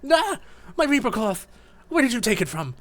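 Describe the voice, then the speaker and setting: A man's voice: mid-range voice, big pitch swings, normal speed. A man voicing a young male ghost creature from a game, hesitant and polite, close to his own voice. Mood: unsure. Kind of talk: voicing game dialogue on stream.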